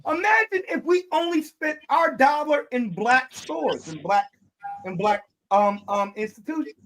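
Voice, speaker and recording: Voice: high voice, lively intonation, a little slow, a bit bright, poor audio. A host from Detroit in a casual streamed discussion, talking emphatically and trailing into fillers before pressing the point again. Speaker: podcast host.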